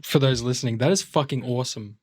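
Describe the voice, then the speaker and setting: Australian man, young, mid-pitched voice, storytelling, casual podcast banter. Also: fast, darkish tone. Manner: storytelling, demonstrates pronunciations. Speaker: podcast co-host. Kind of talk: casual chat.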